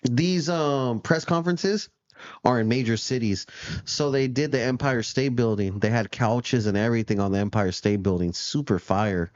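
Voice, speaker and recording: A man's voice: medium pitch, moderate pace, no room sound, lo-fi sound. A man co-hosting a casual show, talking in a laid-back, profane way and laughing often while he reacts to news clips. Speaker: podcast co-host.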